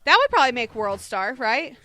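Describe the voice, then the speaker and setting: A woman co-hosting a radio show, reading celebrity news in a brisk, dismissive casual way. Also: fairly high pitch, big pitch swings, pushed and bright, dry recording.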